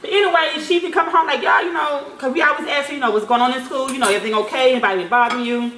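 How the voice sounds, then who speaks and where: A woman's voice: high voice, racing, fairly bright tone. Chatty woman in an echoey room. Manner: chatty, loose, slangy with swearing, many fillers. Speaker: mother and vlogger. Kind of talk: casual storytelling chat.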